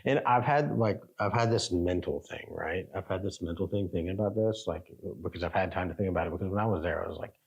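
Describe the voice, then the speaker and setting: An American man, a travel vlogger, telling a rambling, animated story in casual chat. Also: low voice, fast, hardly any pauses, breathy edge, highs cut off. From United States.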